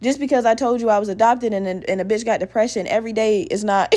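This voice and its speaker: A young woman hosting a podcast, telling a personal story in a candid, profane, animated way. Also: a little high, fast. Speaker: podcast host. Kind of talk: casual storytelling monologue.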